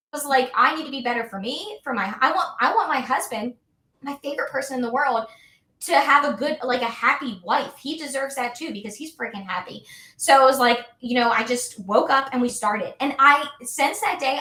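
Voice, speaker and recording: Podcast guest: upbeat woman in her 30s, chatty, fairly high voice, echoey room. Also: moderate pace, bright, forceful tone. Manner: chatty, upbeat, many fillers like "like" and "you know". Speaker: guest, health and wellness coach. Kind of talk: casual podcast conversation. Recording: roomy echo.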